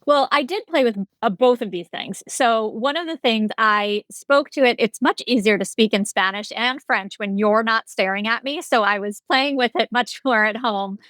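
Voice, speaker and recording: A woman co-hosting a podcast in casual chat, explaining news in a relaxed way. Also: a little high, moderate pace, few pauses, dry recording. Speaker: podcast co-host.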